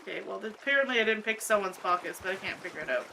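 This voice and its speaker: A woman's voice: mid-range voice, animated, rapid-fire, creaky, pushed and bright, a little hiss or hum. A woman streaming a video game from home, chatting casually and laughing often as she thinks aloud. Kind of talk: casual gameplay commentary. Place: home, cat on her lap.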